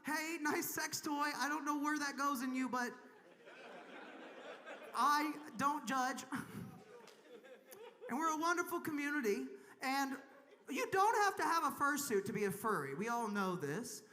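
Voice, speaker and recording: A woman's voice: high-pitched, expressive, measured pace, pauses often, bright, forceful tone. A woman from Kentucky doing a crude, self-mocking stand-up comedy set on a convention main stage, laughing at her own jokes. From Kentucky, USA.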